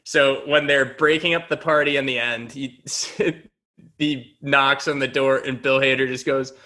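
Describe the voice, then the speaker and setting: A man's voice: mid-range voice, fairly even intonation, a little slow, pushed and bright. A young man co-hosting a podcast in casual chat, laughing often as he retells favorite movie lines. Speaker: podcast co-host.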